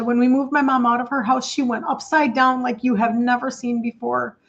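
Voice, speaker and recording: A woman's voice: fairly high pitch, flat delivery, normal speed, hardly any pauses. Middle-aged woman, emphatic livestream host, repeats herself, slightly dull lo-fi audio. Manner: emphatic and repetitive, addresses viewers by name. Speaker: health coach host. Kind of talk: emotional livestream talk.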